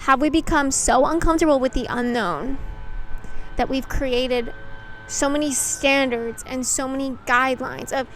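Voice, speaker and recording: Faint music plays behind a young adult woman as she speaks to camera at a moderate pace. Her voice sits high, and this YouTube creator's reflective, casual monologue rambles candidly, packed with "like" and some casual swearing.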